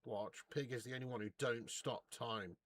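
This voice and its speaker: A man's voice: mid-range voice, steady tone, moderate pace, fairly bright tone, no echo. Sweary, bantering football stream host, man. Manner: sweary, laughing banter with viewers; reads out viewer super chats. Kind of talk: live football watch-along chat.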